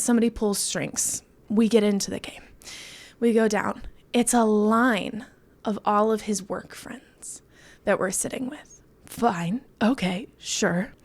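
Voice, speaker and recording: A woman's voice: mid-range voice, unhurried. A woman co-hosting a podcast, telling a personal story in casual chat, acting out quotes and laughing often.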